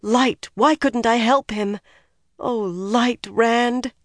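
A woman's voice: fairly high pitch, extremely slow, no room sound, studio quality, pitched above the performer's own voice. A narrator voicing a determined, stubborn young woman who speaks earnestly and pleads. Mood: anxious.

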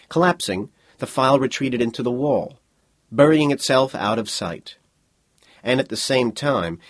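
A man reading a science fiction story aloud as a narrator, in a measured, even delivery. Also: mid-range voice, dry recording. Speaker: audiobook narrator.

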